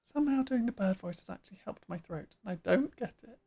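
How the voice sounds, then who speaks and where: A woman streaming a game, talking loosely to her viewers with chatty, self-mocking asides. Her voice sits at a middle pitch with a gravelly, creaky texture. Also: animated, fast talker, few pauses, dark tone. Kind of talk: casual live-stream chat.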